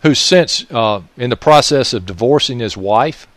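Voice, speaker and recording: A heated Southern man from Mississippi speaks in an ordinary mid-range voice, berating his audience with one pointed question after another. He shouts often and does not watch his language. The sound is close and dry, with no room around it. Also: medium pitch, animated, normal speed, dry recording. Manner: raises his voice, scolds listeners with repeated questions; uses profanity. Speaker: political commentator. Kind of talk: angry political monologue.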